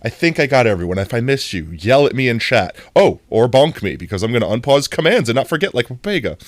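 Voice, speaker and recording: A livestream host chatting casually with viewers, excitable and playful, often breaking into long laughing fits. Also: medium pitch, fast, no room sound. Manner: excitable, greets chat by name; playful, jokey self-talk. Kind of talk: casual live-stream chat.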